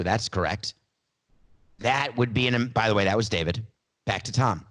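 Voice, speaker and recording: A man's voice: fairly low pitch, normal speed, long pauses, a bit bright. A man hosting a sports podcast, making sarcastic, wry asides. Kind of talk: podcast commentary.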